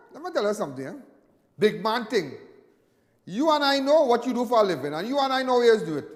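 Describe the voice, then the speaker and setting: A middle-aged Trinidadian man from Trinidad and Tobago hosts a live call-in show about crime, speaking with animated emphasis and often repeating phrases for effect. His voice sits high and moves at a quick pace, with a long reverb tail trailing behind.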